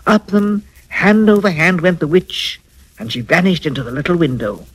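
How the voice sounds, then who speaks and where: A man narrating a fairy tale for a children's record in an expressive, lilting way, dwelling on words. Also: fairly high pitch, moderate pace, slightly rough, rough recording. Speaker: storyteller.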